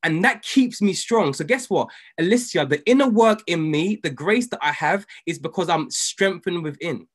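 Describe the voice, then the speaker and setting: A man leads a motivational group call with a fairly high voice. He talks in an emphatic, preachy way, swinging from loud exhortation to near-hushed intensity. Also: animated, normal speed, few pauses. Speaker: trading coach leading a group call.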